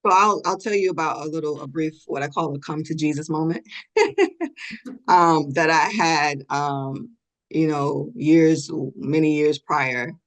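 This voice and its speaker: A woman's voice: low voice, unhurried. Earnest middle-aged woman sharing a story. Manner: earnest, many fillers and soft laughs. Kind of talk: podcast interview storytelling.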